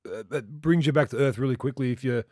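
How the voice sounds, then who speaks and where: An Australian man in his fifties, a former rugby league player, telling rambling, animated stories in casual chat and swearing freely. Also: mid-range voice, fast talker, dry recording, clean studio sound. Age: 50s.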